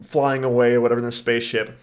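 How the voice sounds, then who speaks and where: A man co-hosts a laid-back podcast and tells stories with a lot of energy. He laughs often and sits at an average pitch for a man. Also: rapid-fire. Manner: animated storytelling, laughs often. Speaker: podcast co-host. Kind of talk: casual chat.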